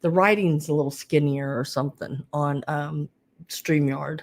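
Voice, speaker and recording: A woman's voice: low voice, steady tone, measured pace. A woman with a Southern US accent hosting a live vintage sale stream, chatting casually and greeting viewers by name. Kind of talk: casual livestream chat.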